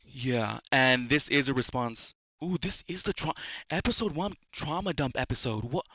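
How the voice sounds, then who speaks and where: A man's voice: medium pitch, expressive, moderate pace, bright, forceful tone, dry recording, dull audio. A young man hosting a casual solo podcast at home, often repeating words and restarting his sentences. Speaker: podcast host. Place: at home in a busy house.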